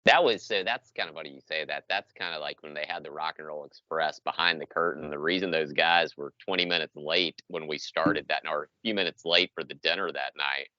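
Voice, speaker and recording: A man's voice: very deep voice, brisk, few pauses, dry recording. A man who is a plastic surgeon, a podcast guest telling a story enthusiastically. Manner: enthusiastic, voice climbs when excited. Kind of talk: casual storytelling. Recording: dull dry lo-fi audio.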